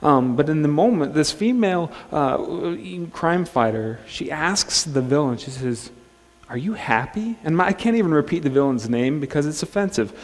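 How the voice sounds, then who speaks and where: A male pastor preaching a sermon in a relaxed, conversational way, joking and restarting his phrases. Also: on the high side, normal speed, few pauses. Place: church sanctuary. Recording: long church-hall reverb.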